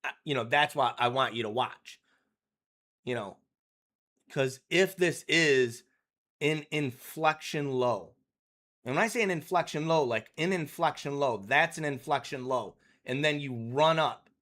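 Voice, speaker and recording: A man giving casual day-trading commentary over charts, rambling and filling his talk with "you know" and "right?", often clearing his throat. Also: mid-range voice, a little slow, long pauses, a bit bright.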